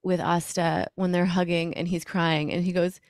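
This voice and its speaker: A woman's voice: on the low side, flat delivery, normal speed, a little mellow, dry recording, clean studio sound. A woman on a panel, chatting casually and enthusiastically about favorite lines. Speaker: cast member on a panel. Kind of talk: casual chat.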